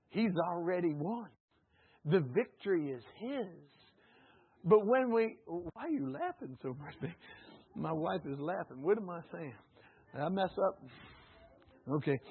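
Husky-voiced preacher on a tinny line. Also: male voice, sits high. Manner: animated preaching that swings from soft asides to loud shouted climaxes, with chuckles. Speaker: pastor. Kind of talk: sermon. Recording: tinny phone-like sound.

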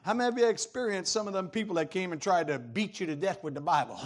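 High-voiced man preaching animatedly. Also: a little fast. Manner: animated preaching, laughs often, swings loud and soft. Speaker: pastor. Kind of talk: sermon.

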